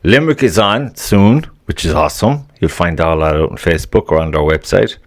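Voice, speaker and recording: A man with a deep voice runs a solo podcast, launching into a loose, rambling rant at a brisk clip. He curses nonstop, grumbles with obvious irritation, and laughs at his own jokes in between thoughts.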